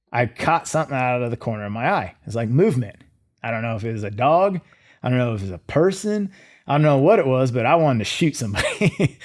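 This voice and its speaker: Laid-back man telling a war story. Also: mid-range voice. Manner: relaxed, conversational, with frequent fillers and light humor. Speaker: military veteran interview guest. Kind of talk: casual storytelling in a podcast interview.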